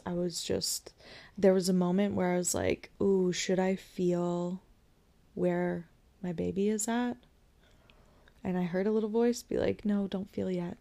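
A young woman hosting a podcast, candidly telling a personal story with whispered asides and soft laughs. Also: lowish voice, gravelly. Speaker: podcast host sharing her birth story.

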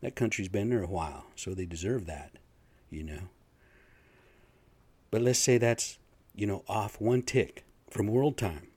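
A man's voice: fairly low pitch, animated, unhurried, long pauses, darkish tone, breathy edge, no room sound. A man in construction giving a profane, agitated, rambling solo rant.

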